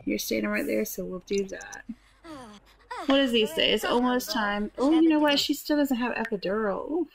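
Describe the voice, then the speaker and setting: A woman's voice: a little high, normal speed, creaky, a crowd in the background, low-quality recording. A woman giving casual, chatty commentary while playing a life-simulation game, full of fillers and giggles. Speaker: gaming youtuber.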